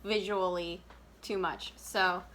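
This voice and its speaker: A woman's voice: on the low side, steady tone, slow, fairly bright tone, a little hiss or hum. A woman working as a children's librarian, giving a casual, chatty craft tutorial and laughing often. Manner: chatty, giggly, full of fillers.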